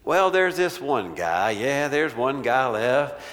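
Bir vaiz, sızlanan ve kırgın bir kralı canlandıran bir adam; kilisede uzun yankılı kayıt. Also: male voice, mid-range voice, big pitch swings, slow pace, a bit bright, big-room sound. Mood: grumbling. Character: sulking resentful king, grown man.

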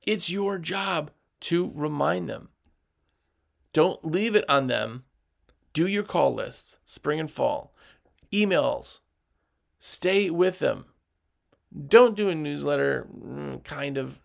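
A man's voice: a little high, vocal fry. A man who runs a window cleaning business, giving direct, emphatic advice to other business owners and acting out what customers say. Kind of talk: motivational business talk.

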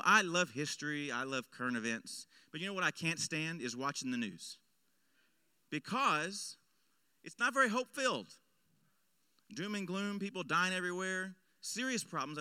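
A man preaching a sermon as pastor, swinging between loud emphatic lines and hushed low ones. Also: smooth, no room sound. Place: church.

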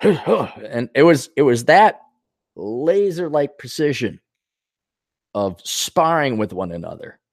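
A man runs his podcast like a bar-stool yarn, swearing freely and jumping between his own voice and quick mimicry of friends. His pitch rises and falls with lively swings, and the sound is close and dry, with no room echo at all. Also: vocal fry. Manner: animated, jokes and acts out voices of others. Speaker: podcast host. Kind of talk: casual storytelling monologue.

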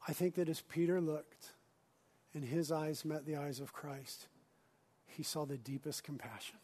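A man preaching a sermon as pastor, earnest, moving between urgent emphasis and hushed near-whispers. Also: a little high, fairly even intonation, unhurried, breathy edge.

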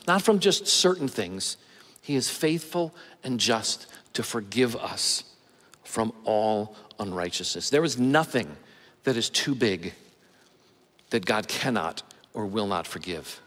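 Slow, emphatic preaching man, hall reverb. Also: mid-range voice, fairly bright tone. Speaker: pastor. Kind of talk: sermon.

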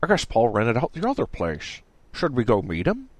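A man's voice: medium pitch, huge pitch swings, moderate pace, no echo. A man voicing a lazy, stubborn young man who talks in a sulky, unbudging way.

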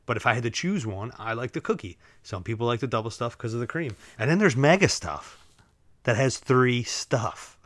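Guy rambling on his own podcast at home, lots of fillers, joking around, middle pitch, dry close mic. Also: lively intonation, moderate pace, no echo. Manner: rambling, filler-heavy, joking asides to listeners. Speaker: podcast host. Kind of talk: casual solo podcast monologue. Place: at home, relaxed, drinking while recording.

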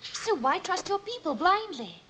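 An actress playing a wistful young woman far from her home planet in a 1960s TV drama, gentle and earnest, from a hissy old television recording. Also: very high voice, very animated, a little slow, heavily acted.

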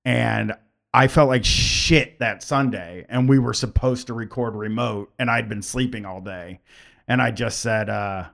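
A man hosting a podcast in casual chat, with a gravelly, fry-heavy voice. He rambles and circles back on himself. His pitch sits in the middle for a man. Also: fairly even intonation, fairly bright tone. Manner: rambling, halting, full of fillers and restarts. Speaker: podcast host.

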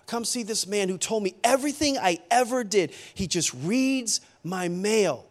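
A man preaching a sermon as a pastor, animated and acting out the people in the story. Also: high voice, normal speed, few pauses. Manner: animated, acts out quoted voices.

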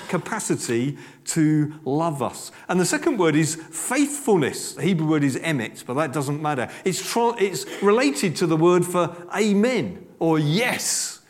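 Older english guy preaching, voice jumps all over, fairly high, big echoey church hall. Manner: animated, emphatic, with frequent repeated words and asides. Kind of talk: sermon. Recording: long hall reverb.

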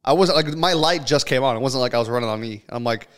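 A man's voice: mid-range voice, quick pace, a bit bright, clean tone. A young man hosting a podcast, chatting casually and joking with friends, swearing freely. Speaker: podcast host. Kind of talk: casual chat.

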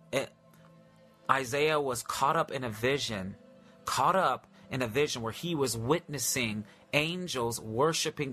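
Fervent man preaching over soft music. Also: medium pitch. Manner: fervent, drawn-out and reverent, often repeating phrases. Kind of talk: live-streamed sermon with scripture reading.

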